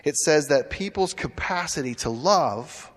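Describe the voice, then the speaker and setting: Storytelling pastor with a high voice. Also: male voice, animated, unhurried. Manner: storytelling, asks rhetorical questions. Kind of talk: sermon. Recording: long church reverb.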